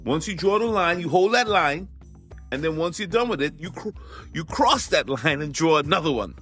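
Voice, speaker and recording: A man hosting a motivational talk, emphatic and animated, repeating his key phrases for the listener. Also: on the high side, normal speed, slightly rough, soft background music. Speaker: podcast host.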